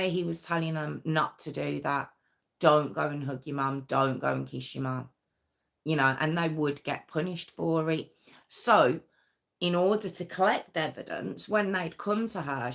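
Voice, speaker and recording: A woman's voice: lowish voice, vocal fry, fairly bright tone. A woman hosting a live true crime stream, telling the story conversationally with many fillers and restarts.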